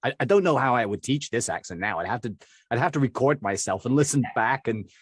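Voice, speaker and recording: A man's voice: medium pitch, lively intonation, quick pace, breathy edge, dry recording, clean studio sound. A middle-aged man from Birmingham, England, answering interview questions as a dialect coach, rambling with many fillers and restarts. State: recovering from covid.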